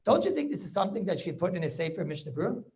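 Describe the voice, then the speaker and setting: A man teaching a Torah class over a video call, animated and argumentative, firing rhetorical questions. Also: high voice, rapid-fire, a little hiss or hum. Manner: animated, argumentative, rhetorical questions, Yiddish-laced yeshiva English. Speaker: rabbi teaching a Talmud class.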